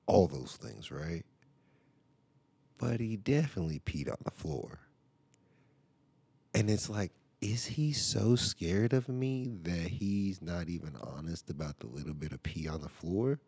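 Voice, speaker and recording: A man's voice: low voice, a little mellow, breathy edge, no echo. A father podcasting from home, telling a story in a casual, rambling way, full of "like" and "right?" asides.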